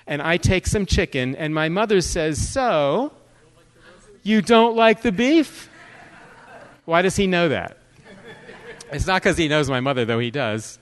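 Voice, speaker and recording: A man with a fairly high voice preaches in a joking, conversational way. He moves from scripture into lively stories and asides, pulling the listeners along with quick questions. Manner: joking, conversational, animated storyteller. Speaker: guest speaker. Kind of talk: sermon with humor.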